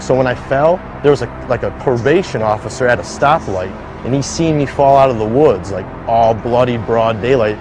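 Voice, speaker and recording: A man's voice: mid-range voice, moderate pace, few pauses, noisy background. A man casually recounting in the first person how he survived a shooting, full of filler "likes" as he acts out other people's words. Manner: conversational, heavy use of "like", acts out quoted voices. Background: background music.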